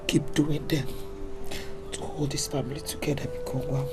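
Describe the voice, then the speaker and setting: A woman's voice: sits low, fairly even intonation, moderate pace, over loud music, close to an everyday voice. A woman with a Nigerian accent playing a dying mother who pleads for forgiveness in a tearful voice. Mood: remorseful. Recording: loud film score behind.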